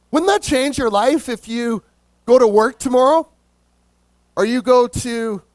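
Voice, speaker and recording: A male pastor preaches a sermon, slowing down to stress key words and calling out for responses from the congregation. His voice sits high, and there is no room sound.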